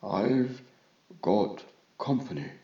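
A breezy male vizier , as a male reader puts him on, speaking slowly and surely, brushing off any danger. His low-key voice is slightly dull, like a modest recording. It is a storybook reading of a space tale. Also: dark tone, reverberant. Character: cheery confident male vizier on a spacecraft radio.

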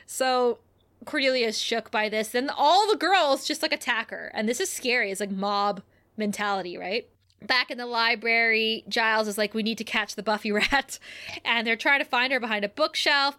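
Bright, high-voiced woman recapping an episode. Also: normal speed. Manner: animated storytelling, laughing often. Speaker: podcast co-host. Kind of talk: casual chat recapping a TV episode.

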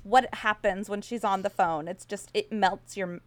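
A woman's voice: medium pitch, steady tone, moderate pace. A woman co-hosting a podcast, chatting in a laid-back, agreeable way. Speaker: podcast co-host. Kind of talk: casual chat.

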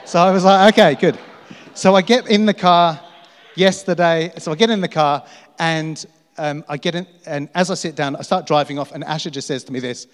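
A man's voice: on the high side, normal speed. Man preaching in a reverberant hall. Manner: storytelling, self-mocking and laughing. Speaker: pastor. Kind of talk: sermon.

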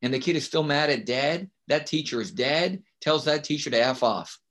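On a teaching podcast, a male guest talks emphatically in a casual interview, often tossing in a rhetorical "right?". His voice is on the high side, animated and fairly bright, at normal speed.

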